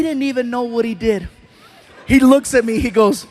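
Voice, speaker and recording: Male stand-up comic, high voice, animated storyteller with loud outbursts. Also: moderate pace, background noise. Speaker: stand-up comedian. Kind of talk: stand-up comedy routine. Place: stage before a live audience.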